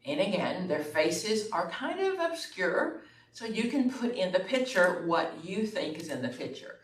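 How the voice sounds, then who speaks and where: A woman's voice: on the low side, very animated, a little slow. A middle-aged woman instructor giving a classroom lecture in a conversational way, often checking in with her listeners. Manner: conversational, checks in with "okay?" and "right?". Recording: echoey room, far from the mic, faint room noise.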